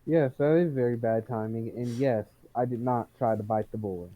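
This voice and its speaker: A man speaks over a thin, phone-like line while playing a tabletop role-playing game. He declares his moves and answers accusations in character with a dry, deadpan delivery. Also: mid-range voice, normal speed. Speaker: player. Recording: tinny phone-like call audio.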